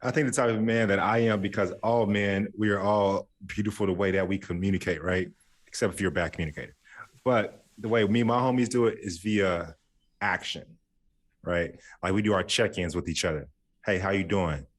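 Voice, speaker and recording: Deep-voiced man, joking podcast host. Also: a little fast. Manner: joking storyteller, folksy asides. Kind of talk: casual chat.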